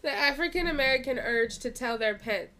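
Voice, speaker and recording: A woman co-hosting a casual podcast chat among friends, animated and swearing freely. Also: high voice, fairly quick, noisy background. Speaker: podcast co-host. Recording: several people in one room, overlapping talk.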